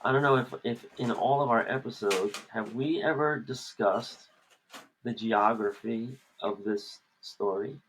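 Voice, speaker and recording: A man's voice: medium pitch, unhurried, a bit bright, a little hiss or hum, low-quality recording. A man co-hosting a podcast, chatting casually while lettering a comic page. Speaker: comic artist and podcast co-host.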